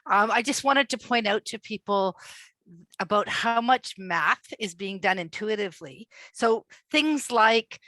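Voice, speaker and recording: A woman's voice: medium pitch, expressive, unhurried, bright, forceful tone, no room sound. A woman who teaches math and technology, giving an enthusiastic, opinionated comment at a conference session. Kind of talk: conference question from an attendee. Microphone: video call.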